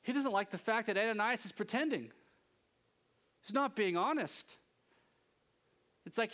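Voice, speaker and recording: A man preaching a sermon from a church stage, talking in a lively, joking, conversational way. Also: high voice, unhurried, pauses often. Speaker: pastor.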